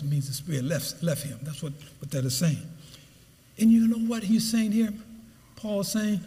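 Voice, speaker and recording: A man's voice: a little mellow, in a large hall. A man preaching a sermon as pastor, building with emphatic repeated phrases. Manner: preaching with rising pitch and emphatic repetition.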